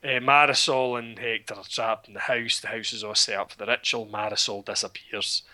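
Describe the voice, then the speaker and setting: Bright-voiced Scottish man recapping a film. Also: fairly low pitch, fairly quick. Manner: sardonic, swearing, animated storytelling. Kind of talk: casual film recap chat.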